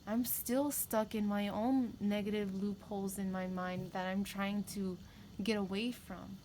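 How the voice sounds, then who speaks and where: A woman tarot reader talks openly to her viewers in a casual, rambling way, sometimes repeating herself for emphasis. Her voice sits at an ordinary middle pitch. A faint noise stays under the recording. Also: fairly even intonation, unhurried, darkish tone, rough recording. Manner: candid, rambling, with emphatic repetition. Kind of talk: casual spiritual talk to camera.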